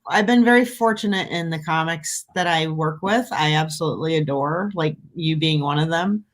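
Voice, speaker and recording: A woman hosting a casual chat, an animated storyteller who laughs often. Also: low-pitched, moderate pace. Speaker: host. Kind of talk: casual conversation.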